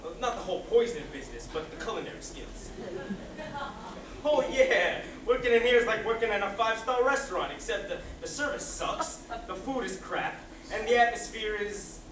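A cheeky inmate cook, played by a man who chatters and bursts into song. His voice is high and very lively. The recording is roomy and distant, with music clearly behind it. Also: a little fast, slight background noise. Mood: boastful. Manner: chatty, sings show tunes. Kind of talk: stage musical acting. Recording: echoey stage recording from far off, with music.

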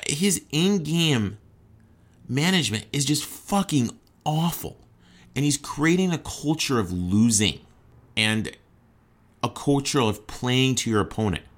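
Profane ranting man, lowish voice. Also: a bit bright. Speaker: podcast host. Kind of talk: ranting sports podcast monologue.

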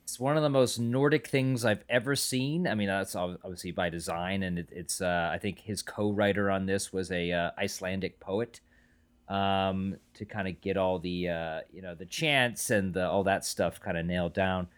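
A man's voice: deep voice, fairly even intonation, moderate pace, clear, resonant tone. A man co-hosting a podcast, thinking aloud about a film with lots of fillers and repeated words. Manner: musing, hesitant, many fillers and repeats. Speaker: podcast co-host. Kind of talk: casual film review chat.

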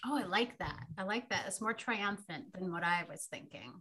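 A woman in casual conversation about a movie, chatty and reflective, getting softer as she muses. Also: medium pitch, moderate pace, breathy edge.

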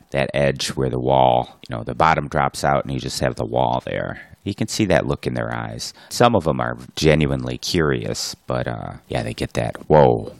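A man's voice: extremely low pitch, gravelly, dry recording. A man co-hosting a podcast, telling diving stories in a laid-back way and laughing often. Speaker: podcast co-host, diver. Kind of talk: casual chat.

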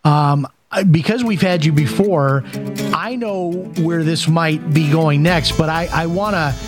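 A man's voice: a little high, measured pace. Hesitant male radio host over music. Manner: hesitant, repeats words while reacting. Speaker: radio talk show host. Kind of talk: casual talk radio chat.

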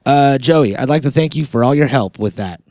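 A man hosting a comedy podcast, rambling in casual chat and deadpan mock-boss banter. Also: medium pitch, normal speed, no room sound, clean studio sound. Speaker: podcast host.

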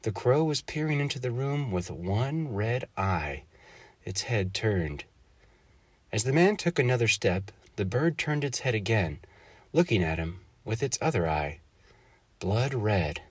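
A man's voice: on the low side, very animated, no room sound. A man narrating a short bedtime-tale-turned-spooky story, drawing out the suspenseful moments. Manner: dramatic, slows for suspense.

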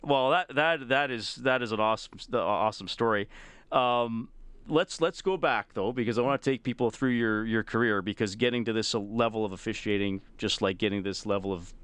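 A man hosts a sports talk show on the radio, talking in a relaxed, conversational way and often restarting his sentences. His voice is smooth and clear at a middle pitch. The studio sound is dry and close. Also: a little fast, no room sound. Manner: conversational, with frequent restarts and filler. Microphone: studio microphone.

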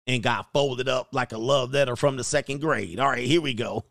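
A man's voice: mid-range voice, moderate pace, a bit bright, a little hiss or hum. A middle-aged man hosting casual commentary, slangy and preachy, with laughing asides. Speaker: host.

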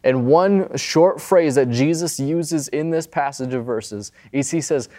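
A pastor giving a casual, conversational sermon, often checking in with the listener. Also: male voice, on the high side, measured pace, hardly any pauses, mellow. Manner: conversational, often adds "right?".

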